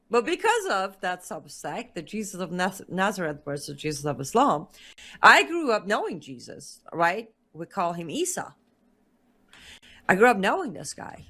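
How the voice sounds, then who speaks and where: A woman guest in an interview, telling a personal story in a lively way and acting out the dialogue she quotes. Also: medium pitch. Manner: lively narrator who acts out quoted dialogue.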